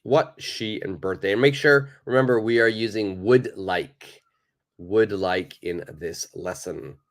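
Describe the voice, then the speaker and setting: Patient, low-voiced male English teacher. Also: unhurried. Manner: patient, repeats and praises viewers' answers. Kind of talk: live online English lesson.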